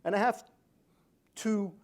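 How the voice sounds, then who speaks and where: A man's voice: high-pitched, takes it slowly. Hesitant man giving a conference talk. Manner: hesitant, many fillers and restarts, good-humored. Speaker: conference speaker. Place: conference room.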